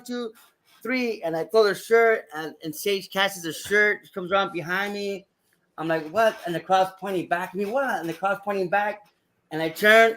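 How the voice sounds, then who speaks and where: A man with a high, bright voice tells stories for a podcast. He is animated and acts out what other people said. He swears freely as he goes. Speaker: wrestling referee, guest. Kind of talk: casual podcast storytelling.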